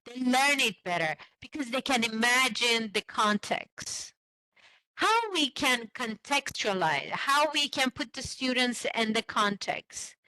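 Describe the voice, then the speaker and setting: A woman teaching an online class for language teachers, explaining slowly and asking the class questions. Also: a little high, lively intonation, pushed and bright, no room sound, rough recording. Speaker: teacher trainer. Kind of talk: online teacher-training lesson.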